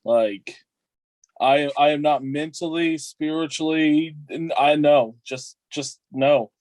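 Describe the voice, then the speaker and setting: A man's voice: on the high side, takes it slowly, darkish tone, no room sound. A man chatting casually and playfully with friends. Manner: playful, laid-back. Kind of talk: casual chat.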